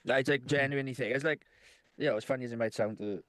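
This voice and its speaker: A young man, a podcast co-host, talking in a halting, sweary way with many restarts in casual chat. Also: mid-range voice, a bit bright, smooth, no echo.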